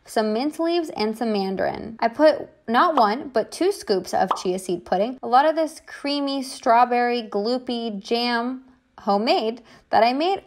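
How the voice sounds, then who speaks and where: Young woman vlogger, higher voice, jokey, self-mocking, casual chat. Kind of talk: casual vlog voice-over. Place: home kitchen.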